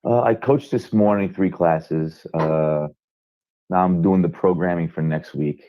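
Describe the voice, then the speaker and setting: A man, a coach, chatting in a mellow, laid-back way as a guest on a podcast. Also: low-pitched, measured pace, dull audio. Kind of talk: casual chat.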